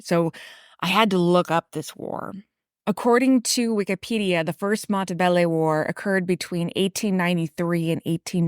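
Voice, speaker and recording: Low-voiced woman narrating a history podcast. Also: clean tone, no echo, clean studio sound. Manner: reads from a prepared script with casual asides and occasional slips. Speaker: podcast host. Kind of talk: scripted true crime and history narration.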